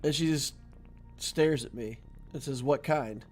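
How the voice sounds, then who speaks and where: A man with a fairly high voice streams a mobile strategy game at a measured pace, soft background music playing. He chats casually, laughs often and fills the gaps between turns with stories.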